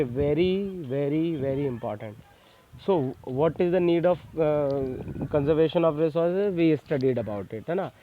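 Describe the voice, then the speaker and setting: A man with an Indian English accent giving a classroom lecture, pausing often with fillers and stressing points for exams. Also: on the high side, slight background noise. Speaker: teacher. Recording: tinny phone-like sound.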